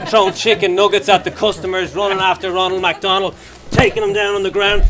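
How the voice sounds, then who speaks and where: An Irish man performing stand-up comedy, his voice pitched high and lively. He stumbles over restarts, then throws himself into loud, exaggerated outbursts as he acts out scenes. Soft music plays faintly underneath. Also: brisk. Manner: animated, stammering restarts, bursts into shouted quotes. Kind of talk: stand-up storytelling.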